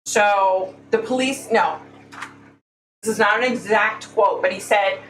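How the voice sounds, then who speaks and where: A woman's voice: mid-range voice, unhurried, fairly bright tone. Blunt woman, echoey livestream. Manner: blunt, opinionated, says "y'all". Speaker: livestream host. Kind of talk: casual livestream chat. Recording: echoey room, faint hum, mic at a distance.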